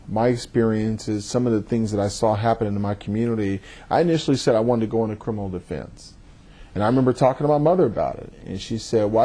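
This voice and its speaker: A man, a judge, giving thoughtful and measured interview answers, often repeating words as he starts a thought. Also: mid-range voice, mellow.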